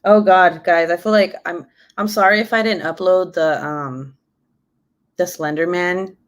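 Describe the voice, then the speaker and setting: A woman's voice: fairly low pitch, steady tone, unhurried. Swearing, chatty woman in her twenties. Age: 20s. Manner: chatty, cusses a lot, laughs often. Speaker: YouTuber. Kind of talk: casual live chat.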